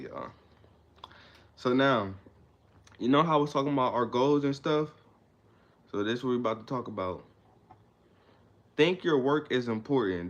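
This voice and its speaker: Male livestream host, motivational talk, emphatic, preacher-like repetition, mid-pitched voice.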